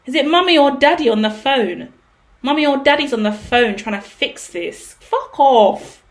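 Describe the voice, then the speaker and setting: A woman's voice: high voice, animated, normal speed. A woman giving a tarot reading, blunt and profane with dramatic outbursts. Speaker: tarot reader. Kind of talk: casual tarot reading monologue.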